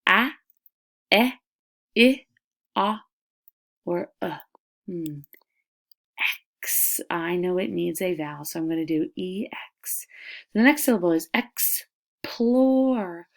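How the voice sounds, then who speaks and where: A woman teaching a lesson to young children, stretching words out slowly and sounding them out in an encouraging classroom voice. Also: lowish voice, vocal fry. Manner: slow, drawn-out syllables, modeling sounds out loud.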